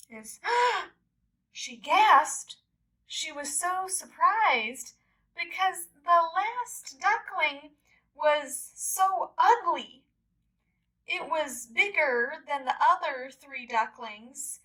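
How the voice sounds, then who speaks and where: Very slow, bright woman storyteller. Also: high-pitched, low-quality recording. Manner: very deliberate, repeats and explains words. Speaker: English teacher. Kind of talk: slow storytelling for English learners.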